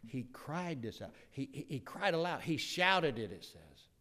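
A male pastor preaching a sermon, swinging dramatically from loud declarations to hushed asides. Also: fairly high pitch, big pitch swings, measured pace.

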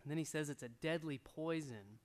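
A middle-aged man preaching a sermon, animated and storytelling, acting out little voices as he goes. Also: fairly high pitch, moderate pace. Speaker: pastor.

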